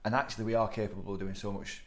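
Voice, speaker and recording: Encouraging podcast host. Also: male voice, fairly low pitch, flat delivery, very fast. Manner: encouraging, with many short back-channel replies. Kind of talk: casual interview.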